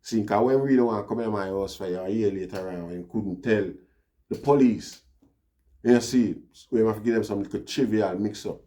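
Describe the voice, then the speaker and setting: A man's voice: lowish voice, normal speed, mellow. A man with a Jamaican accent telling a personal story in a casual, rambling monologue, often dropping in "you know, see". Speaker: vlogger.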